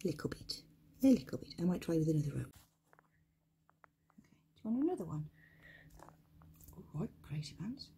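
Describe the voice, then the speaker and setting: Cooing woman, lowish voice. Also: big pitch swings, fairly quick, vocal fry, long pauses, slightly rough. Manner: coos and coaxes her pets, often dropping to a hushed near-whisper. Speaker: pet keeper vlogger. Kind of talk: casual narration to camera.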